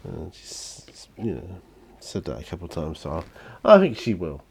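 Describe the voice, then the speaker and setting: A middle-aged man chatting casually while painting miniatures, soft-spoken and rambling with many fillers. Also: sits low, huge pitch swings, a little fast, breathy edge. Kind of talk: relaxed paint-along chat.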